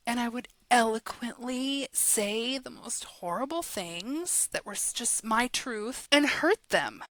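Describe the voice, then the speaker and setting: A woman guest on a podcast, talking in a casual, animated way about her work and laughing often. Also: fairly high pitch, slow pace, few pauses, no echo. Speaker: guest, guided journal creator and coach.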